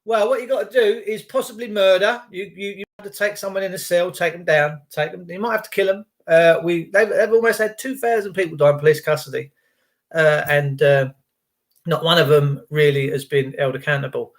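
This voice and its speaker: A man's voice: a little high, steady tone, a little fast. A middle-aged man rambling on a morning livestream, greeting viewers by name and swearing casually. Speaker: livestream host.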